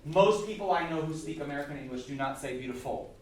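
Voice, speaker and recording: A man coaching a choir in rehearsal, joking and energetic, sometimes singing short phrases to demonstrate and bursting into loud praise. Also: on the high side, fast talker. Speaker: choir clinician. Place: large rehearsal hall or auditorium. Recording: echoey hall, mic from far off, music. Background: choir and piano.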